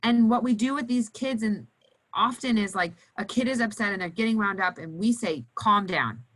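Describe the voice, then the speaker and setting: A woman occupational therapist teaching nurses in an educational panel talk, animated and acting out cheerful voices for children. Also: fairly high pitch, brisk, poor audio.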